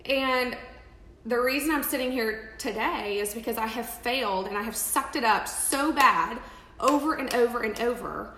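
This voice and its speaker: A woman's voice: fairly high pitch, a bit bright, slight background noise. Chatty woman in an echoey room. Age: 30s. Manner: chatty, rambling, emphatic, full of restarts and "like". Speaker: makeup seller on a live video. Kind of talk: casual live-stream talk.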